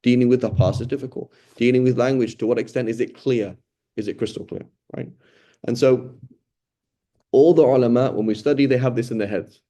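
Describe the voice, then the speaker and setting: A man's voice: medium pitch, fairly quick, warm tone. A middle-aged man teaching an informal lecture on Quran study, talking conversationally and often checking in with "right?". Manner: conversational, thinks aloud with frequent "right?" and restarts. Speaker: religious teacher.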